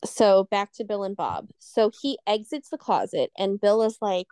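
A woman's voice: medium pitch, lively intonation, darkish tone, smooth, dry recording, clean studio sound. A woman co-hosting a podcast, casually retelling a ghost story with rambling asides. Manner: rambling, loses her train of thought, quick asides. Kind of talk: casual chat, telling a scary story.

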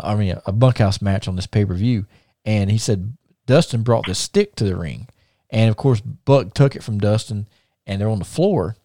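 Host guy rambling through old stories, stumbles over words, warm low voice. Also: no echo, studio quality. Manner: rambling, repeats words, laughs at his own stories. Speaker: podcast host and former wrestler. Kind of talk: casual storytelling.

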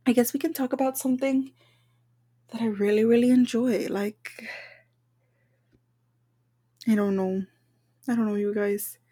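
A woman's voice: mid-range voice, dark tone. A young woman hosting a casual solo podcast, nervous, self-conscious and apologetic, recording at home. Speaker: podcast host. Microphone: home microphone.

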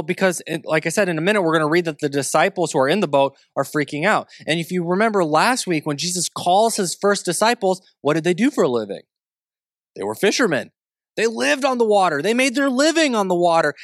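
A man's voice: high voice, a bit bright, no room sound, clean studio sound. A man preaching a sermon in a plain, conversational way, walking listeners through a Bible story. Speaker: pastor.

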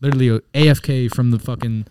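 A man's voice: mid-range voice, fairly even intonation, fast, dark tone, a little hiss or hum. A man co-hosting a casual sports betting podcast, rambling and crude in his banter. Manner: rambling, crude, trash-talking. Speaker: podcast co-host.

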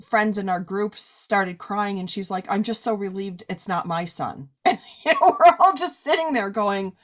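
Animated and at normal speed, a middle-aged podcast host with a medium-pitched voice does an ad read before drifting into a casual interview. Her talk is chatty, packed with fillers and side comments.

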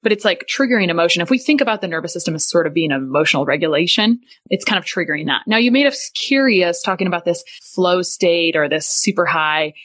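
A woman's voice: fairly low pitch, lively intonation, quick pace, hardly any pauses, a bit bright, no echo. A woman hosting an interview, asking curious questions and thinking aloud.

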